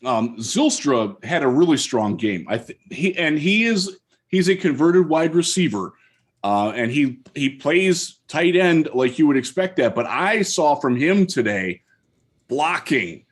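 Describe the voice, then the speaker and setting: Another man co-hosting from home digs into football plays with careful, detailed analysis in a relaxed chat. His fairly high voice moves through big pitch swings, and he takes his time.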